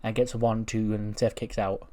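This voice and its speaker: A man's voice: fairly low pitch, flat delivery, moderate pace, dark tone. A man hosting a game channel, narrating a simulated wrestling show in a loose, chatty, mildly profane way. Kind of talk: casual let's-play narration.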